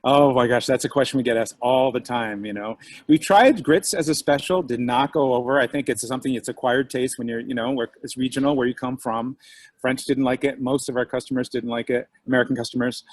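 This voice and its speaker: A man's voice: mid-range voice, fairly quick, no echo. A man, a diner owner and author, chatting casually over a video call and acting out his customers' reactions. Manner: animated storyteller, acts out customers' voices.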